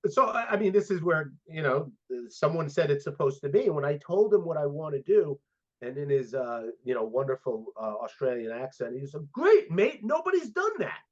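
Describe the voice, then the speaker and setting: A man's voice: a little high, fairly quick. A man in his fifties, a sport psychologist guest, telling stories in a casual interview and acting out the dialogue. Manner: animated storyteller, acts out quoted dialogue. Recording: dull lo-fi audio.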